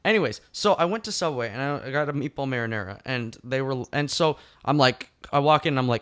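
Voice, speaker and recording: Young male co-host, casual podcast rant, acts out both sides of dialogue, mid pitch. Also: lively intonation, quick pace, clear, resonant tone. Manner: ranting, acts out customer exchanges.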